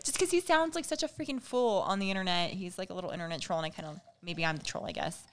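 A young woman co-hosting a loose podcast talk, and she does not slow down: words tumble out quickly as she speaks her mind bluntly and swears without a second thought. Her voice sits a little low, and her talk is full of casual fillers. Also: slight background noise. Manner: blunt, heavy swearing, frequent "like". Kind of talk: casual chat.

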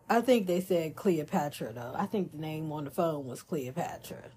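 A woman's voice: deep voice, animated, moderate pace, few pauses, dark tone, breathy edge. A woman hosting a podcast in casual chat, playful and jokey, talking into a studio microphone. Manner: playful, jokey, self-praising. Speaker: podcast host.

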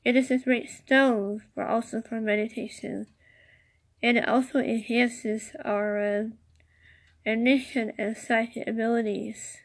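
A woman hosting a casual solo podcast, reading out notes haltingly with many fillers and cheerful asides. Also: a little high, level tone. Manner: enthusiastic, chatty asides. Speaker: podcast host.

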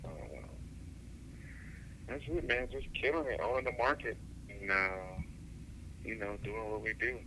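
A man's voice: fairly low pitch, steady tone, measured pace, long pauses, sharp tone, slight background noise, poor audio. A man calling in as a guest, chatting casually in a tired, laid-back way and laughing easily. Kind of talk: casual chat.

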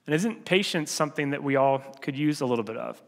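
A man giving a sermon as pastor, talking in a relaxed, conversational way with frequent filler restarts. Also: on the high side, fast talker, vocal fry. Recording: long hall reverb.

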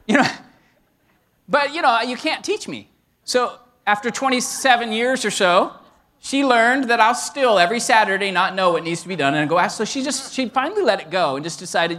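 A middle-aged man preaching a sermon, who tells stories about home with humor and rises to shouts when he gets excited. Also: sits high, normal speed. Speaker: pastor.

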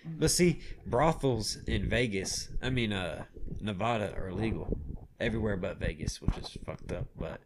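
Low-voiced podcast sidekick over background hiss. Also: male voice. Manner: chimes in with quick agreeing quips. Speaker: podcast co-host. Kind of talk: crude comedic podcast banter.

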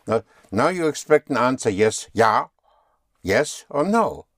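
A man's voice: medium pitch, big pitch swings, unhurried, a bit bright, no room sound, clean studio sound. A man teaching German in a patient one-on-one lesson, often spelling words out letter by letter.

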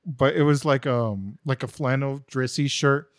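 A man's voice: mid-range voice, a little slow, dry recording. Rambling young man, dry close mic. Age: young adult. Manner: rambling, lots of likes and ums. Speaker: podcast co-host. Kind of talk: casual chat.

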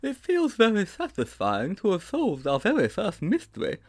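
A man putting on a young schoolboy, eager and inquisitive, with a voice pushed high and bright, a storybook child full of questions. The pitch swings widely from line to line. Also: huge pitch swings, moderate pace, exaggerated voice.

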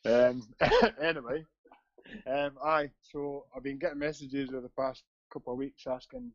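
A man's voice: mid-range voice, moderate pace, dry recording. A Scottish man co-hosting a podcast, chatting casually with blunt, sweary banter. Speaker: podcast co-host. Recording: dull lo-fi sound.

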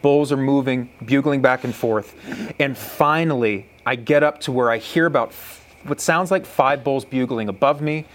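A young man co-hosting a podcast, telling a story in a casual, animated way and mimicking animal calls. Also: mid-range voice, normal speed. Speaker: podcast co-host.

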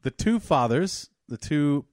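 A man co-hosting a comedy podcast, bantering casually with quick jokes and frequent laughter. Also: a little high, expressive, a little mellow, no room sound, studio quality. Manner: jokey, quick interjections, laughs often. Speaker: podcast co-host.

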